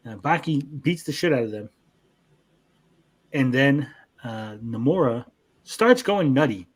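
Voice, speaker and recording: Casual, profane and quick to break into character voices, a young man co-hosts an anime review show and recaps episodes. His mid-range voice is animated and slightly rough.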